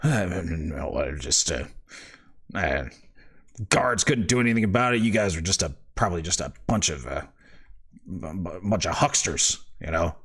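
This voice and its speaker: A man voicing a gruff, worried father in a tabletop game who grumbles and blusters. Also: sits low, animated, moderate pace, fairly bright tone, voice pushed down, full character voice. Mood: scornful. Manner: grumbling, blustering, then pleading. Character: gruff worried middle-aged human father.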